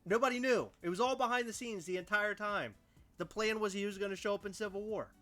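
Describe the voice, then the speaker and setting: A man's voice: high voice, quick pace, sharp tone, soft background music. A young man co-hosting a casual podcast chat, ranting with mock outrage. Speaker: podcast co-host.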